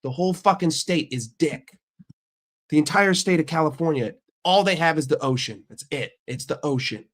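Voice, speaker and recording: A brash young man from the United States rants casually, swearing freely and jumping between topics. His voice sits somewhat high. His delivery swings from quick, punchy bursts to slow, mocking asides. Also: a bit bright. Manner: ranting, heavy swearing, brash. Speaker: streamer and channel host. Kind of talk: casual profane rant.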